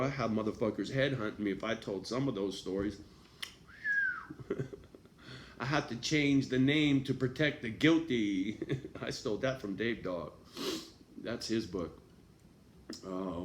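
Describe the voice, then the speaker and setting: A man's voice: mid-range voice, roomy sound, a little hiss or hum. A man talking casually to his viewers in a rambling, profane vlog monologue, often laughing. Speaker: vlogger.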